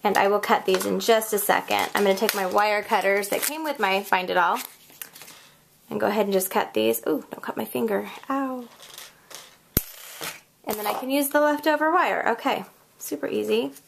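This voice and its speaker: Chatty woman crafting at home, gravelly edge. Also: medium pitch, a little hiss or hum. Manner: chatty, self-deprecating, talks while working. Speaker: craft tutorial host. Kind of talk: casual crafting tutorial. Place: home craft room, kids heard elsewhere in house.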